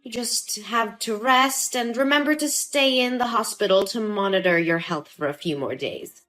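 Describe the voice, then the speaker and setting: In a dramatized story, a woman voices a scheming, cold-hearted older mother-in-law who speaks with contempt and dismissiveness. Her pitch is fairly high, her pace moderate and her tone fairly bright, close to an everyday voice.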